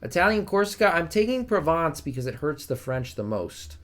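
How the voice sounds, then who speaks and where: A man's voice: a little high, sing-song, normal speed, a bit bright. A young man casually commenting on his strategy game live stream, joking with his chat. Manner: chatty, jokey, talks to chat.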